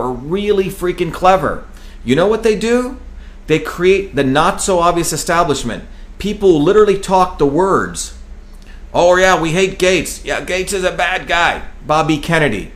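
A man from New Jersey talks in a driven, forceful way, punching out his points and swearing as he goes. His voice sits a little high for a man, and he keeps circling back to the same phrases for emphasis. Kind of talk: heated political talk.

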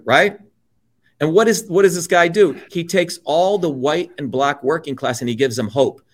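A middle-aged Indian man with a voice on the high side appears as an interview guest. He delivers a heated political monologue, blunt and profane, peppered with mocking asides.

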